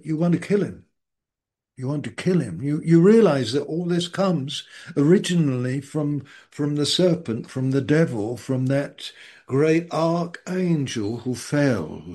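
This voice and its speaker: A man preaching a sermon, halting and repeating his phrases for emphasis. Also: mid-range voice, a little mellow. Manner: halting and repetitive, with emphatic restatements.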